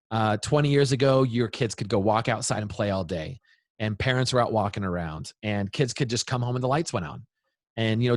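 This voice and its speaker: Earnest dad type giving parenting advice in an interview, animated, medium pitch, dry close sound. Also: male voice, no echo. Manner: earnest, animated, acts out quoted voices. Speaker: guest, parenting speaker. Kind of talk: interview storytelling.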